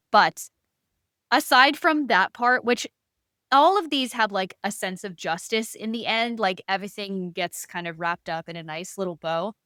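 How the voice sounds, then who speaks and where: A woman's voice: mid-range voice, a little slow, dry recording. Chatty woman podcaster, dry sound. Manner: chatty, animated, lots of "like" fillers, swears casually. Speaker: podcast co-host. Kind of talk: casual chat about books.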